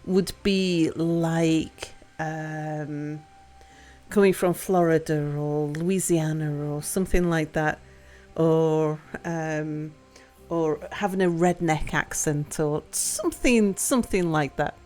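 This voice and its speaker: A young woman with a Northwest English accent with a Liverpool twang, chatting with her stream chat, thoughtful and halting, laughing often. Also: low voice, steady tone, a little mellow, faint music behind. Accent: Northwest England, Liverpool-tinged. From Northwest England. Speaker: livestream host. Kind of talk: casual chat with live chat.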